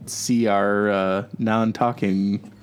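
A man's voice: fairly low pitch, level tone, very slow, clear, resonant tone. A man co-hosting a podcast in casual chat, rambling with frequent restarts and easy laughs. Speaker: podcast co-host.

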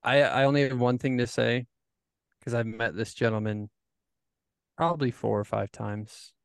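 A man co-hosts a casual podcast with a gravelly, creaky voice. He drops short jokes and quick remarks into the talk. The sound is dry and close. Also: mid-range voice, dry recording. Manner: jokey interjections. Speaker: podcast co-host. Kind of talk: casual chat.

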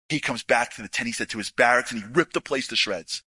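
Fast, bright-voiced male storyteller. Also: mid-range voice, breathy edge, no room sound. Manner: animated, acts out dialogue with casual asides. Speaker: speaker. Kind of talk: storytelling talk.

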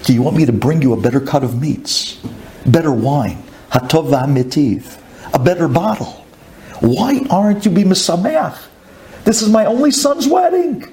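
A man's voice: on the high side, lively intonation, normal speed, dark tone, a little hiss or hum, close to an everyday voice. A man playing a pleading, stammering butcher father. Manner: pleading, stammering when upset. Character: anxious proud middle-aged male butcher, father of the groom.

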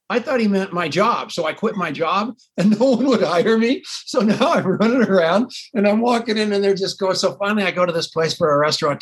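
An older man tells a rambling, self-mocking tale, jumping between his own lines and the other people's. His voice is husky and sits a little high for a man. He tells it like a podcast host who loves the story. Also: a bit bright. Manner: self-mocking, acts out both sides of conversations. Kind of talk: animated storytelling.

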